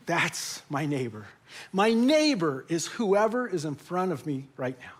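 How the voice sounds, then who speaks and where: High-voiced joking pastor. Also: male voice, sing-song, moderate pace, a bit bright. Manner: storytelling, jokey, turns emotional. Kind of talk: sermon. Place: church auditorium.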